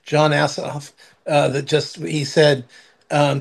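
Sardonic man with a slightly high voice. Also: flat delivery, gravelly, breathy edge. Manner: halting, many restarts, sardonic. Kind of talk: casual political chat.

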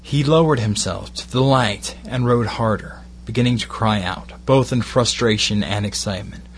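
A Glaswegian man narrating an erotic story in a measured, steady delivery with short phrased pauses. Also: fairly low pitch, slight background noise.

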